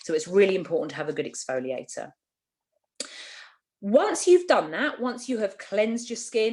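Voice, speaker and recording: A woman giving a skincare training to a team, chatty and emphatic, often repeating herself to be clear. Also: fairly low pitch, darkish tone. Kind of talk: training talk.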